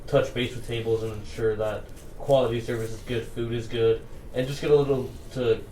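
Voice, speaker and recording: An easygoing young man from Canada chats and tells stories in a relaxed, friendly way. He sits back from the mic, so his voice carries a roomy echo with a faint hiss. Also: mid-range voice, fairly quick, distant mic. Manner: easygoing, chatty storyteller. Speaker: bar manager, patient. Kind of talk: casual chat.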